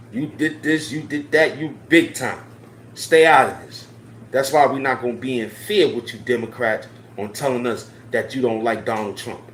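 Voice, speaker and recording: Here a male online commentator rants about social issues to his viewers in impassioned slang, driving points home by repeating them. His voice is mid-range, and a faint hiss or hum sits under a roomy echo.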